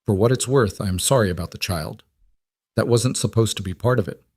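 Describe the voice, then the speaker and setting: Male narrator doing a cool, calculating older uncle; low and flat. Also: a little fast, breathy edge, no room sound, studio quality. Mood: cold. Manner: cool, matter-of-fact. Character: cold calculating middle-aged uncle.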